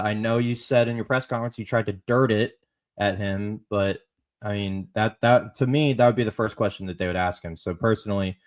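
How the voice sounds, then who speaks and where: Low-voiced man hosting a football podcast. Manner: conversational, repeats and restarts phrases, emphatic on praise. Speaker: podcast host. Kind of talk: solo college football podcast commentary.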